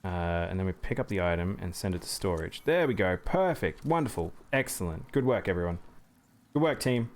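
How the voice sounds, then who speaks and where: A man's voice: low-pitched, expressive, fairly quick. A man streaming live gameplay, chatting with viewers as he plays. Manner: chatty, reacts to chat and thanks viewers.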